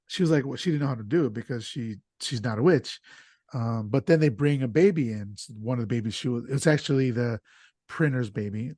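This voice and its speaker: A man hosting a podcast, retelling the plot of an old film in an animated, casual way with fillers. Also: medium pitch, dry recording, studio quality. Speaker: podcast host.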